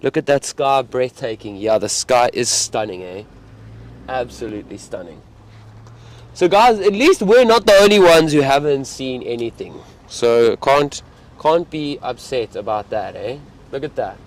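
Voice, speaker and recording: A man's voice: medium pitch, expressive, unhurried. A man with a South African accent, a safari guide chatting casually on a live stream from an open vehicle and reading out viewer comments.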